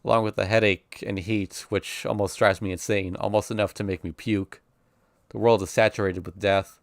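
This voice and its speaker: A man's voice: fairly low pitch, level tone, normal speed, gravelly, no room sound, studio quality. A man streaming, reading a visual novel aloud in an intense, emotional first-person narration.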